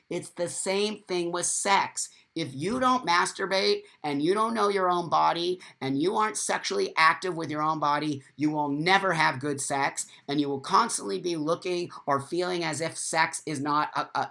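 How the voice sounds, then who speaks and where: A man's voice: fairly high pitch, gravelly, bright, forceful tone. A man hosting a casual live stream, talking bluntly and swearing freely, and reading out viewer comments as he goes. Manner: reads viewer comments aloud.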